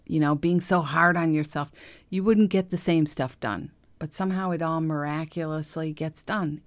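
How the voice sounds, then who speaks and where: A middle-aged woman hosting a podcast, speaking in a gentle, confiding way that often drops to a soft hush. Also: deep voice. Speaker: podcast host. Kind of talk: reflective monologue.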